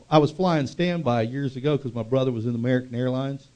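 A man's voice: mid-range voice, steady tone, fast, a little mellow. A male pastor preaching a sermon with call-and-response, telling stories and building to fervent proclamation.

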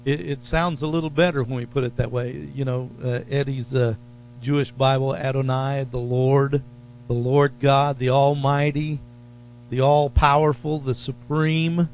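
Slow, emphatic preaching man. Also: medium pitch, steady tone, a little mellow, slight background noise. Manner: slow, emphatic preaching with drawn-out stressed phrases. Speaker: pastor. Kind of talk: sermon.

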